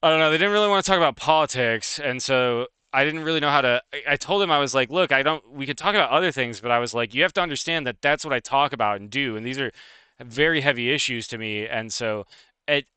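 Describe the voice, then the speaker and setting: Male streamer, bright and crisp, rapid profane rant, dry close sound. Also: medium pitch, no room sound. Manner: fast, profane, heated and laughing. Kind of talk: casual live-stream rant.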